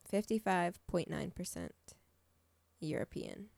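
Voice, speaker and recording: A woman's voice: lowish voice, a little slow, gravelly, darkish tone, no room sound. A young woman talking casually as a podcast guest, swearing freely and saying "like" a lot. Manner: chatty, swears freely, says "like" often. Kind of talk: casual chat. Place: small podcast studio.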